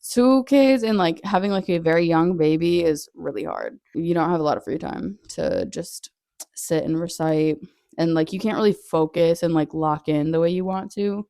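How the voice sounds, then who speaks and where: A woman's voice: on the low side, moderate pace, gravelly, mellow, no room sound, studio quality. A young woman hosting her own podcast, telling a personal story in an earnest, chatty way, full of "like" and frequent laughs. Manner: earnest, chatty, heavy use of "like", laughs often. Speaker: podcast host.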